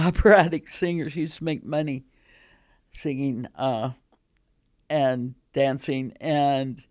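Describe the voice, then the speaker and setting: A woman in her eighties telling stories about her early years in an animated, casual way in a studio. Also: low voice. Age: 80s. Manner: animated, acts out quoted voices. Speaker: guest recalling her career. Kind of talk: casual storytelling. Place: recording studio.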